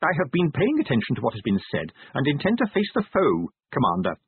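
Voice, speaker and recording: A man's voice: very animated, brisk, breathy edge, dry recording, exaggerated voice. A man voicing a small, timid male clerk who trembles but stays stubbornly brave, speaking in a stiff, formal way. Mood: earnest. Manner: stiff, formal, high-strung. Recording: narrow phone-like dry sound.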